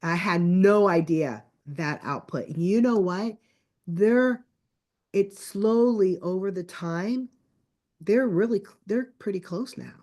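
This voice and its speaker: A middle-aged woman telling a family story in casual conversation, chatty and animated, acting out the lines of her relatives. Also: mid-range voice, slow pace. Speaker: guest. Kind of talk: casual storytelling on a podcast call.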